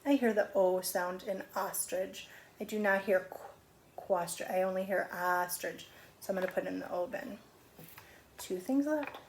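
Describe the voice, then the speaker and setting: A woman's voice: medium pitch, normal speed. A middle-aged woman teaching a phonics lesson to young children, patiently sounding out words.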